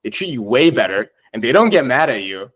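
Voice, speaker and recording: Excitable swearing man on a podcast. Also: mid-range voice, fairly quick, rough recording. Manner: excitable, swears a lot, laughs while talking. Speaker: podcast guest. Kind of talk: casual chat.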